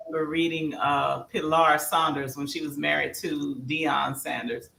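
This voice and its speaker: A man in casual podcast chat, calmly retelling a story he read. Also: a little high, normal speed, gravelly. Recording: roomy, distant mic with faint noise.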